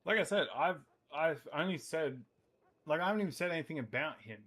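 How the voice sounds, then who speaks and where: Man, somewhat high voice, angry, profane, confrontational, in-character roleplay. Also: lively intonation, a little fast, a bit bright.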